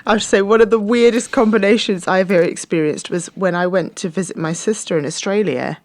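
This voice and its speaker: A woman's voice: medium pitch, a little fast. A woman co-hosting a podcast in casual, teasing chat, often laughing as she talks. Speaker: podcast co-host.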